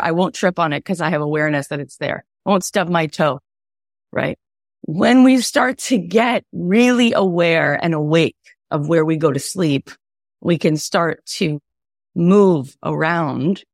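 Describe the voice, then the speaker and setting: A woman coach teaching an online workshop in a chatty, animated way, her voice raspy from a cold. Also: lowish voice, dry recording, studio quality. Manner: animated, chatty, lots of "right?". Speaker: wealth coach.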